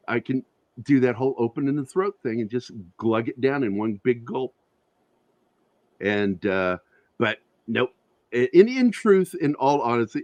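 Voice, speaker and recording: A man who is a guest on an interview show, telling profane, animated anecdotes with a lot of laughter in casual conversation. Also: medium pitch, dry recording, muffled recording. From Virginia, USA. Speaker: interview guest, comic creator. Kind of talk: casual storytelling.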